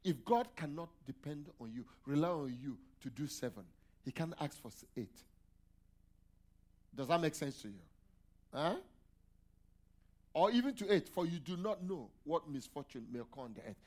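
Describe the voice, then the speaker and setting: Preaching with a fairly high, slightly mellow voice, this male pastor is expressive, keeps a moderate pace and pauses often. He asks the congregation questions to answer aloud in call-and-response, sprinkling in hallelujahs and amens.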